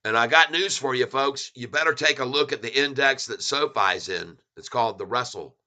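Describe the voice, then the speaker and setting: Bright-voiced excited stock chart commentator. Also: male voice, mid-range voice, normal speed. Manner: excited, folksy, repeats himself for emphasis.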